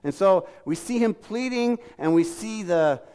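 Conversational male preacher, slightly high voice. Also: animated, unhurried, a little mellow, clean tone. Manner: conversational, acts out quoted lines, asks the congregation questions. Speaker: pastor. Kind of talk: sermon.

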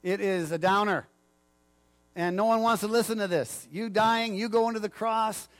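A man's voice: high voice, steady tone, normal speed, dry recording, lightly acted. A man preaching a sermon voices the apostle Peter as a casual, eager and pushy disciple. He plays him pleading with his leader. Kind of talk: sermon retelling.

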